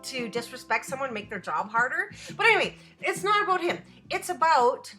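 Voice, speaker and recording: A high-pitched woman with a bright, ringing voice rants casually to her live-stream chat. She is animated and swears freely, breaking off mid-story to answer viewers. Faint music sits underneath. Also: fairly quick. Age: adult student.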